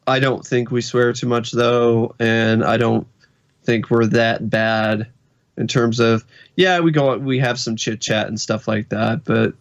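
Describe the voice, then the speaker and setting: A man co-hosting a podcast, talking casually with many fillers, and he swears bluntly when something angers him. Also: mid-range voice. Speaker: podcast co-host.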